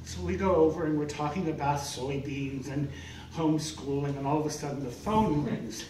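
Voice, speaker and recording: An older man telling a comic story live on stage, animated and self-mocking, acting out voices. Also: fairly high pitch, moderate pace. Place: live event venue on stage. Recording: echoey room, distant, noisy.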